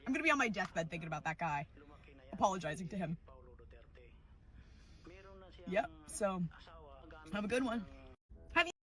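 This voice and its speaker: A woman's voice: medium pitch, very animated, brisk, pushed and bright. A young woman telling a funny story about herself in a dramatic, self-mocking way. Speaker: storyteller in a played clip. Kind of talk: comedic storytelling.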